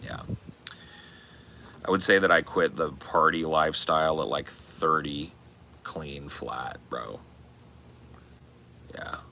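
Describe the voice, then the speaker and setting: A man's voice: rumbling low, steady tone, slow pace, vocal fry, long pauses, pushed and bright, a little hiss or hum. A man in his forties chatting casually on a live stream, rambling and swearing in a bro-ish way. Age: 40s. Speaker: streamer and podcast host.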